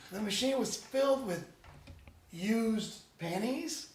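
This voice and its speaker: A man, a band member guest, chatting casually in an interview as an animated, rambling storyteller with many restarts. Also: sits high, normal speed, slight background noise. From United States. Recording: roomy echo, distant mic.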